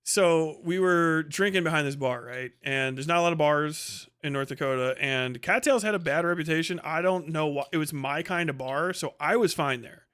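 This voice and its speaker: A man's voice: fairly high pitch, moderate pace, few pauses, a bit bright, smooth. A male livestream host telling a rambling, profane story in a casual way, with lots of filler words.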